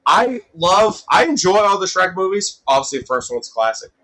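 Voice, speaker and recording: Man, guest on a podcast, bright and forceful tone, a bit high-pitched, animated, laughs a lot, gets loud when ranting. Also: normal speed. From Massachusetts area. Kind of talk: casual chat.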